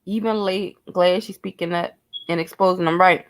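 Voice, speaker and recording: A woman's voice: lowish voice, steady tone, moderate pace. A woman giving blunt, profane commentary, speculating and talking straight to her viewers in a casual vlog. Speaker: true crime commentator.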